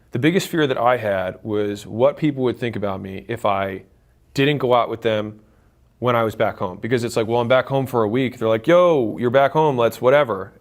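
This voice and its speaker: A man in his thirties giving blunt, emphatic advice straight to camera, swearing for emphasis and acting out what relatives say. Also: fairly low pitch. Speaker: business creator giving advice. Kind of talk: direct-to-camera advice talk.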